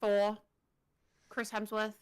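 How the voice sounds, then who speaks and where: A woman's voice: mid-range voice, completely flat delivery, slow, smooth. A woman guest on a casual streamed chat, playful and swooning in her asides.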